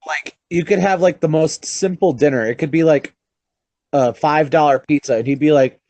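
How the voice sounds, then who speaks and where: A man's voice: a little high, normal speed, no echo, highs cut off. Young man telling stories, dry sound. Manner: animated storyteller, swears casually. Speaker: podcast co-host. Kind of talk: casual chat.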